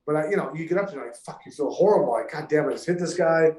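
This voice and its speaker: A man telling stories in casual podcast chat, swearing freely and animated. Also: fairly high pitch, very fast, echoey room, rough recording. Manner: profane, animated storytelling. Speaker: pro golfer guest.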